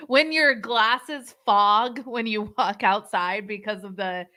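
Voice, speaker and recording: A woman from Florida co-hosting a casual chat, talking in an unhurried way and laughing often. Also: mid-range voice, pushed and bright. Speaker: co-host.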